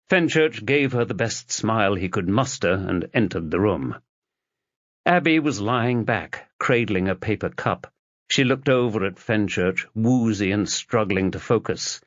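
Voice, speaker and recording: Slow, expressive male audiobook narrator. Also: lowish voice, no echo. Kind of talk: scripted narration. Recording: dull lo-fi audiobook recording.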